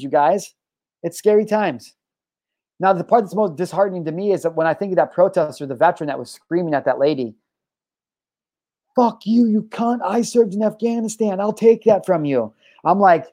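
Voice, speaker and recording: A man's voice: sits high, dark tone, dry recording. A man hosting his own podcast, ranting in a heated, profane way and hammering his points through repetition. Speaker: podcast host.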